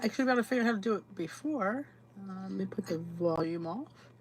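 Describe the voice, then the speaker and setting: A woman's voice: mid-range voice, expressive, fast, a little hiss or hum. A woman hosting a casual livestream podcast, chatty and a bit scattered, talking to herself while she sets up. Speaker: podcast host.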